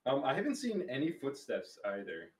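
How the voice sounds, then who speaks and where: Lively laid-back man gamer. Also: mid-range voice, moderate pace, breathy edge. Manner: laid-back, teasing, laughs easily. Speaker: game player. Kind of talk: casual gaming chat.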